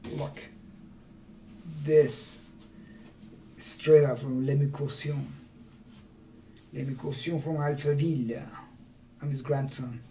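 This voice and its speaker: A man's voice: mid-range voice, fairly even intonation, takes it slowly, long pauses, mellow, a little hiss or hum. A man rambling and swearing through a late-night livestream monologue, chuckling between remarks. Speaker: livestream host and musician.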